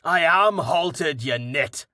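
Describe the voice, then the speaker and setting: A man voicing a big, gruff, crude brawler in an audiobook, talking with casual swagger. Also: a little high, measured pace, bright, forceful tone, no room sound, clean studio sound, heavily acted.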